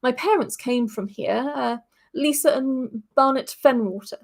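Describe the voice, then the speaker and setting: A woman's voice: high-pitched, a little slow, creaky, full character voice. A woman voicing an earnest, polite young man who is travelling in search of his family, speaking with careful politeness. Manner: polite and earnest, a little hesitant.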